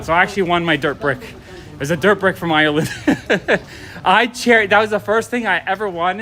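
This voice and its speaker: Middle-aged male vlogger, high voice, loose and chatty, faint city traffic behind. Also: pushed and bright. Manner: rambling storyteller, chatty with viewers. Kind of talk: casual walking livestream chat. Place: city street outdoors. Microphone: phone or camera carried while walking. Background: traffic and street ambience.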